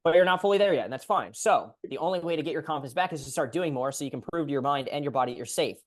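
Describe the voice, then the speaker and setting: Animated male physical therapist coaching. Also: a little high, racing. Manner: animated, acts out client voices. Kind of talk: coaching call advice.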